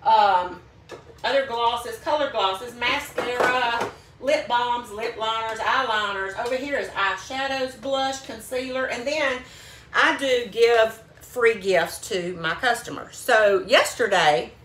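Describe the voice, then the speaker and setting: A woman's voice: fairly high pitch, slow pace, a bit bright, slight background noise. A woman selling beauty products, talking casually and upbeat to her phone camera at home. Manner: chatty, upbeat, says "like" often. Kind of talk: casual vlog.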